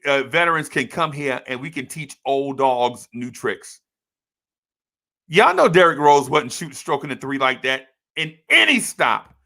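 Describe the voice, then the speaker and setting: On a live stream, a male host pours out an emotional monologue as a basketball fan, heartfelt, rhetorical and full of repetition. His voice sits on the high side and sounds pushed and bright.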